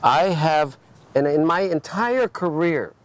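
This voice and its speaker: A man's voice: a little high, lively intonation, slow pace. A man who works as an art dealer, chatting casually in a restaurant, often restarting and repeating words as he tells anecdotes. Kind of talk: casual conversation, telling anecdotes.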